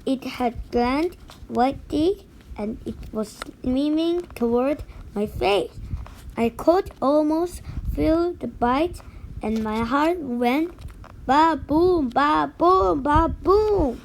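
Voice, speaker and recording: A woman reading a picture book aloud in an unhurried way, now and then stumbling and restarting a word. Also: high-pitched, expressive, darkish tone, slight background noise, poor audio. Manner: unhurried read-aloud with small slips and restarts.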